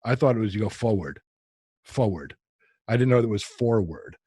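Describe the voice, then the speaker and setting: A middle-aged podcast host with a New Jersey accent and a husky, raspy voice. He chats casually and jokes about himself. The recording is dry and close, with no room sound. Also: mid-range voice, steady tone, very fast, mellow, dry recording. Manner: joking and self-deprecating, chatty. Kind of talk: casual interview chat.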